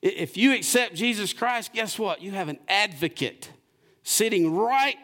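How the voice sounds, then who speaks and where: A man, preaching a sermon in church, asking the congregation questions and swinging between loud and hushed delivery. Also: high-pitched, expressive, a little slow. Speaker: pastor.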